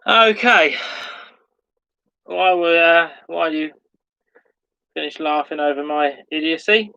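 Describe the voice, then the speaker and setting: A quiz host with a bright, forceful, rather high voice reads his questions at an unhurried, careful pace. He repeats every question so players can keep up, and pokes fun at himself when a word trips him up. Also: creaky, clean tone, dull audio. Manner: slow, deliberate, repeats each question; self-mocking when tongue-tied. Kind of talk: reading out pub quiz questions.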